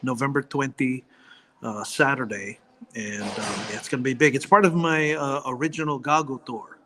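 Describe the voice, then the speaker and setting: A man, a comedian guest, chatting casually, joking and riffing quickly while plugging his shows. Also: mid-range voice, fairly even intonation, pushed and bright, slight background noise. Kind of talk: casual chat.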